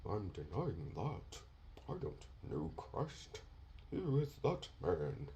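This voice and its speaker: A man's voice: lowish voice, sing-song, slow pace, mellow, breathy edge, exaggerated voice. A man mocking a meek, timid denier.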